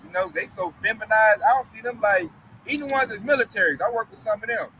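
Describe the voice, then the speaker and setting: A man in a casual religious discussion who tells animated stories in colloquial speech and acts out other people's voices. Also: high voice, fast talker, slight background noise, poor audio. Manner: colloquial, with frequent fillers.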